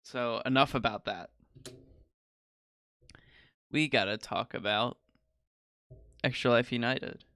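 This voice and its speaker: A teenage boy hosting a podcast, chatting casually and rambling with quick laughs. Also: medium pitch, bright, forceful tone. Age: teens. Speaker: podcast host. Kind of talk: casual chat.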